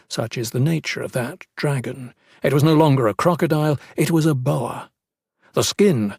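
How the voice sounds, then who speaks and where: A male audiobook narrator reads a classic novel in a measured, dramatic way. His voice is gravelly with a husky grain. The recording is close and dry, with no room sound. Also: medium pitch, darkish tone, no echo. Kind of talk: scripted narration.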